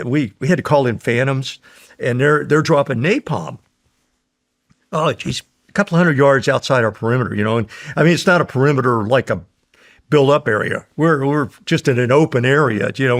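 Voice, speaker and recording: Older american guy with a gravelly voice, rambling through war stories, keeps chuckling and doing the other guys' voices. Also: medium pitch. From United States. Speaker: guest, war veteran. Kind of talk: casual storytelling.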